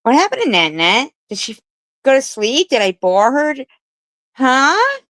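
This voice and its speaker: A woman's voice: sits high, huge pitch swings, unhurried, a bit bright, no echo, rough recording. A middle-aged woman hosting a live stream, telling a rambling story with swearing and laughs. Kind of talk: casual live stream chat.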